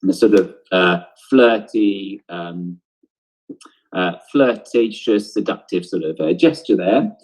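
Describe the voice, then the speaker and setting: A man's voice: deep voice, slow, darkish tone, rough recording. A man teaching an online drama lesson, explaining step by step and thinking aloud. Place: home, on a video broadcast.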